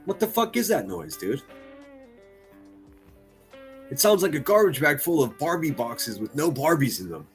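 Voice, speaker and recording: A male streamer riffing with crude, sarcastic mockery, his pitch swinging up and down as he talks. Faint music plays under his voice. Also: very animated, normal speed, pauses often. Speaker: commentary streamer host. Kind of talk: livestream reaction commentary.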